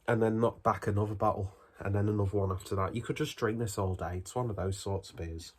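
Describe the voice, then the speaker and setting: A man's voice: lowish voice, fairly even intonation, quick pace, few pauses, a little mellow, slight background noise. A man, still out of breath from a cold, chatting his way through a casual beer review at home in a rambling, self-deprecating manner.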